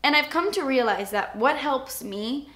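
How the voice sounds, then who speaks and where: Young woman vlogger, kinda high voice, open and emotional, just chatting to camera. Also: animated, unhurried, fairly bright tone. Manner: emotional, candid, near tears at times. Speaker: beauty vlogger. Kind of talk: casual confessional chat.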